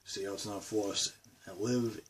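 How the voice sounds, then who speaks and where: A man in his twenties from Boston, with a Boston accent, talking casually on a vlog in a rambling, halting way full of fillers and restarts. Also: on the low side, fairly even intonation. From Boston, Massachusetts. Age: 20s. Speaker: vlogger. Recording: distant mic with faint background noise.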